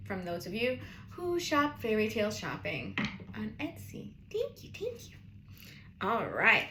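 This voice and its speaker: A woman from New England with a New England accent, chatting quickly and playfully while doing a tarot card reading. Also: medium pitch, pushed and bright, roomy sound, a little hiss or hum. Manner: fast-talking, playful, laughs often. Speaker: tarot reader.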